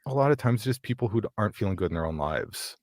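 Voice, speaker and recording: Chatty low-voiced man on a podcast. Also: dry recording, studio quality. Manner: chatty and animated, quick asides, frequent laughs. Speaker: guest podcaster. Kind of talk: casual podcast chat.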